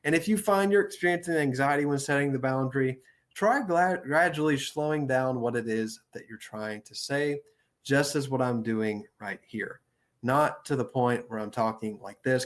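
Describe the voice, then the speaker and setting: Male counselor leading a workshop talk; steady, assertive and deliberate, mid-range voice. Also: mid-range voice. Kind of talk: instructional talk on boundaries.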